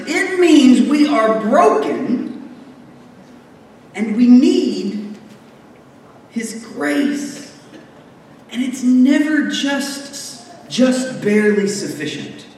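A man's voice: extremely high pitch, lively intonation, extremely slow, pauses often. A man preaching a sermon in a conversational way, joking and making asides as he explains scripture. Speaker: pastor. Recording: echoey hall, distant mic, faint room noise.

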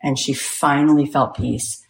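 A woman's voice: extremely low pitch, steady tone, unhurried, vocal fry. A woman podcast host telling a story with energy, acting out the people in it and saying "like" a lot. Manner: acts out the people in her stories, lots of "like". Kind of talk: animated storytelling.

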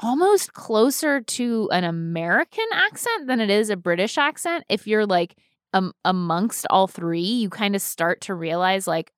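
Female podcast co-host, smooth resonant voice, dry close sound, rambling chatter. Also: medium pitch, animated, a little slow, dry recording. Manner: rambling, chatty, many fillers. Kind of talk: casual chat.

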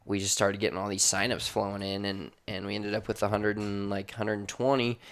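Brash low-voiced podcast host. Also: male voice, level tone, brisk, a bit bright. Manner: brash, swearing, storytelling. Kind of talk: casual chat and read sponsor spot. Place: makeshift studio office.

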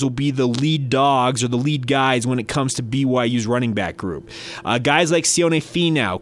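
Man hosting a college football podcast. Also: medium pitch. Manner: conversational, with fillers and restarts. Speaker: podcast host. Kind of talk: sports podcast talk.

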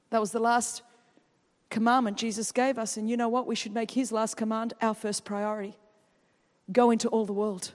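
An Australian woman in her thirties preaching a lively sermon, telling stories and building to loud, fervent peaks. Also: fairly high pitch, long reverb tail. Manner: animated storytelling, swinging from quiet to loud and fast.

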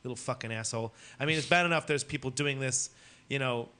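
Bright-voiced man reading odd news wryly. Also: mid-range voice, fast, clear, resonant tone. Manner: wry, swears casually. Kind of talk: casual chat, reading news.

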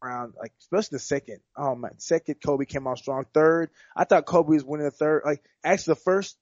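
Fighter guest, male, rambling and repeating himself, slightly high voice, dull dry recording. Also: fairly even intonation, quick pace, darkish tone, no room sound. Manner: rambling, repeats words and restarts. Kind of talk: casual sports chat.

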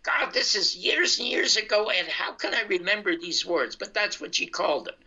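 An older man, a comedian, telling his life story in a casual, animated way and acting out the dialogue. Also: high-pitched, normal speed, slightly rough. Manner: animated anecdotal, acts out dialogue. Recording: dull lo-fi sound.

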